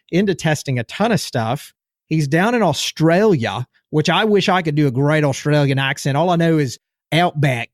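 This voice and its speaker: A man's voice: medium pitch, dry recording, studio quality. A man hosting a podcast, upbeat and enthusiastic, talking emphatically to his listeners. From United States. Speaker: podcast host. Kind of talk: podcast intro and interview.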